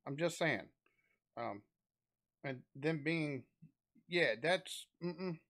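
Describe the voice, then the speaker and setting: Guy reacting to a video, kinda rambly, keeps restarting his sentences, voice sits a bit high. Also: lively intonation, drawn-out words, fairly bright tone. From Southern United States. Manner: rambling, with frequent restarts and fillers. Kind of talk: casual reaction commentary.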